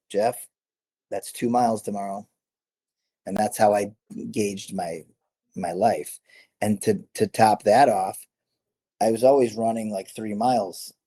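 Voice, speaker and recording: A man's voice: fairly low pitch, mellow. A middle-aged man, a former fighter, telling stories in a casual interview, rambling, correcting himself and laughing often. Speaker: guest, former MMA fighter.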